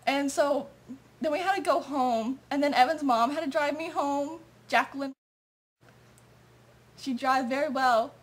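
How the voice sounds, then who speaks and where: A woman with a high voice tells a story in a loose, confessional way. She rambles from one thing to the next and strings it together with "like" and "and so". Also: a little slow, pauses often. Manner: rambling, lots of "like" and "and so".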